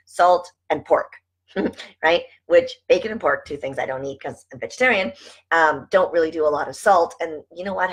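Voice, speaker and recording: A woman talks casually to her viewers in a voice that sits a little low and has a husky, breathy edge. She reads bits aloud from a book and chats about them, checking in with "right?" and little exclamations. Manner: chatty, keeps asking "right?", exclaims. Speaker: vlogger. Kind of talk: casual chat reading from a book.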